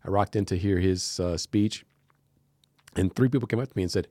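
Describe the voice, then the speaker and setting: Deep-voiced American man telling animated stories. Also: fairly quick, no room sound, studio quality. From United States. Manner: animated storyteller, acts out quoted voices. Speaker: podcast guest. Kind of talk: casual interview chat. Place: podcast studio.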